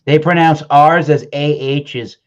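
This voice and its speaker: A man from Massachusetts with a Massachusetts accent, chatting casually as co-host, dry and quick to laugh. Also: fairly high pitch, steady tone, muffled recording. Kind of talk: casual chat.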